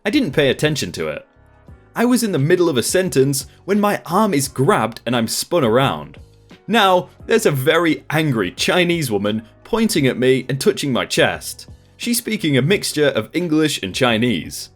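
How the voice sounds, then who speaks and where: A man hosting a storytime channel, reading online stories aloud in a lively, expressive scripted narration. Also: a little high, normal speed, faint music behind.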